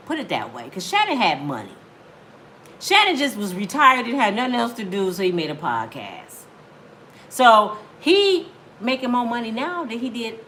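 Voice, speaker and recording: A woman's voice: a little high, fairly bright tone, a little hiss or hum. A woman in her fifties hosting a celebrity gossip channel, chatty and talking straight to her viewers.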